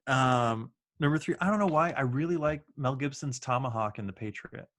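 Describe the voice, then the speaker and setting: A man's voice: mid-range voice, moderate pace, a bit bright. A man co-hosting a podcast in casual chat, telling long rambling stories full of fillers and restarts. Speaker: podcast co-host.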